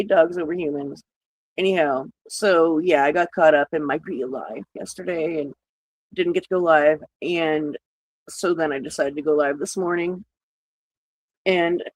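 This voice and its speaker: Her low, slightly mellow voice comes through a low-quality recording as she streams live. She greets viewers by name, chats casually, and cracks sarcastic jokes she laughs at herself.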